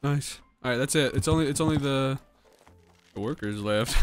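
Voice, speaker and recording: A young man gaming with friends in casual chat, excitable and yelping loudly when in danger. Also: medium pitch, unhurried, soft background music. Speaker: gaming YouTuber.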